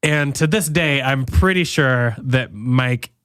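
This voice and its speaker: Young male podcast guest, deadpan and rambling, mid-pitched, close dry mic. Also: slow pace, clean tone, no echo. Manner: deadpan, rambling with many ums and fillers. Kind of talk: comedic mock wedding toast.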